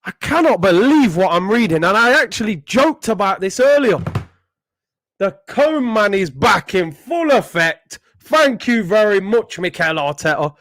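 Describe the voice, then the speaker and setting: A man's voice: high-pitched, animated, measured pace, fairly bright tone, no echo. A young man ranting in exasperation as a football channel host, repeating himself in disbelief. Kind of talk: ranting vlog commentary.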